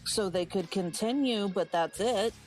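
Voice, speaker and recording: A woman playing her tabletop character in a composed, measured, formal way. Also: mid-range voice, darkish tone, poor audio. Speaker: player. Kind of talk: in-character play.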